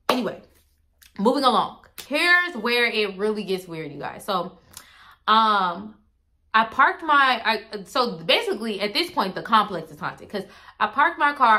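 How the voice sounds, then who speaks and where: A young woman tells a story to her viewers in a bright, clear voice. She is animated and casual, swears freely, and often breaks off with asides to the audience. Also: medium pitch. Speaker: vlogger telling a story.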